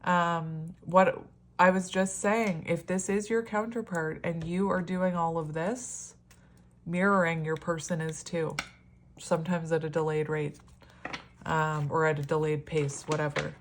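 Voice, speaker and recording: A woman's voice: deep voice, steady tone, a little slow, background noise. A woman in a casual solo tarot reading, chatty and rambling, often laughing and exclaiming at the cards. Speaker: tarot reader.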